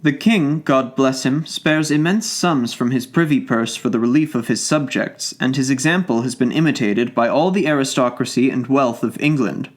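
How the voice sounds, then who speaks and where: Storybook part: a man doing a cold, emphatic, lecturing doctor, medium pitch. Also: normal speed, few pauses, natural voice. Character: stiff, self-assured Tory doctor, cold and emphatic. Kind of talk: audiobook character reading.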